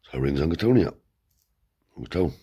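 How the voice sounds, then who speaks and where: A man with a very low, husky voice tells a rough-edged tale from his past. He talks bluntly and swears freely, seated as he spins the story. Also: fast, highs cut off. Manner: blunt, swears heavily, animated yarn-spinning. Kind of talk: casual spoken storytelling. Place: seated indoors.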